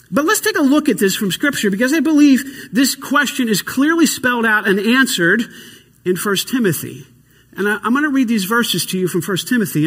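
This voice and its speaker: A male pastor with a high, husky voice delivers an earnest sermon, slowing down to press home each scripture line. His voice carries the long reverb of a large hall. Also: a bit bright. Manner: earnest preaching, slows and stresses scripture lines.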